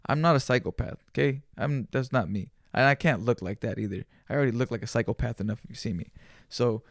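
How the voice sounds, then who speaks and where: A man hosting a solo podcast, telling a story in an animated, profane, slangy way with Spanish words mixed in. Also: mid-range voice, fast talker, vocal fry, dry recording, clean studio sound. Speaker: podcast host. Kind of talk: casual storytelling monologue.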